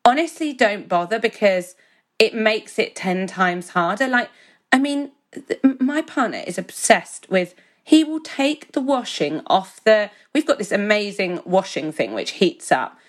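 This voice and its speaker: A woman co-hosting a podcast, telling animated stories in casual chat, with swearing and laughter. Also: medium pitch, measured pace. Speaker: podcast co-host.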